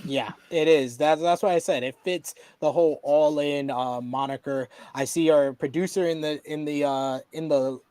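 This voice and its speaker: A man's voice: a little high, fairly even intonation, moderate pace, hardly any pauses, mellow, clear, resonant tone, no room sound. A man co-hosting a wrestling podcast in casual chat, talking in a chatty way and laughing as he tells stories. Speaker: podcast co-host.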